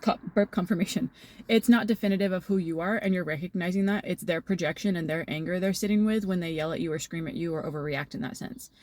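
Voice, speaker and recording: A woman's voice: lowish voice, fast talker, darkish tone. A woman talking through a channeled tarot message to her viewers, rambling and casual with lots of fillers and everyday analogies. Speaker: tarot reader.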